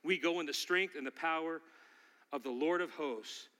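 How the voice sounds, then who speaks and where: A man preaching a sermon, telling a story and building to forceful exhortation. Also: a little high, moderate pace, long reverb tail.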